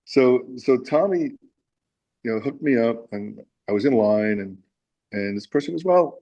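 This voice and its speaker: Heard through a muffled recording, a man with a warm, mid-range voice speaks at normal speed as an interviewee. He's a musician discussing his work casually, spinning a lengthy, rambling story that keeps restarting.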